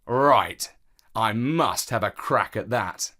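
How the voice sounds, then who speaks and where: Self-assured uncle, ex-forces, cool and easy, slow delivery, a narrator doing him. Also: male voice, on the low side, sharp tone. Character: adult man, confident ex-soldier uncle.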